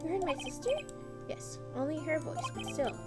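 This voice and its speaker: A youthful, heartfelt young spirit medium from a story game, as a woman reads her part. Her voice is high and earnest. Music plays softly behind her. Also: moderate pace, natural voice. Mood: sincere. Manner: emotional, youthful and sincere.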